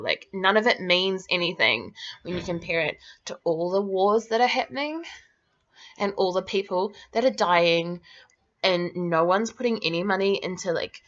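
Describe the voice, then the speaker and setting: A woman's voice: on the low side, fairly bright tone. Indignant swearing woman, lo-fi vlog rant. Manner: indignant, swearing, constant "like" fillers. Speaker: vlogger. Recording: dull lo-fi recording.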